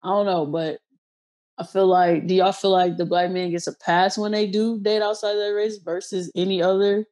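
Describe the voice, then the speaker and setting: A woman from Ohio hosting a podcast, telling personal stories in a slangy, blunt, animated way. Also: mid-range voice, normal speed. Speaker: podcast host. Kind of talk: casual podcast chat.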